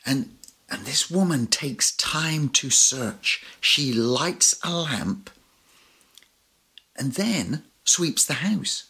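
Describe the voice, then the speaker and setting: A man's voice: mid-range voice, animated, drawn-out words, sharp tone, husky. A man preaching a sermon as pastor, telling personal stories with light humor. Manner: storytelling with personal anecdotes and humor.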